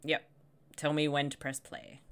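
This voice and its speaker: A woman's voice: sits low, flat delivery, moderate pace, a bit bright, smooth. A woman co-hosting a casual movie commentary podcast, joking, swearing freely and laughing often as she watches.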